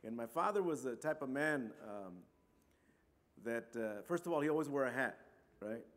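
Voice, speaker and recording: Warm and rambling, a man from Compton, California tells a personal story in Chicano English, tossing in plenty of "you know" and "right." His medium-pitched voice is expressive and moves at a moderate pace.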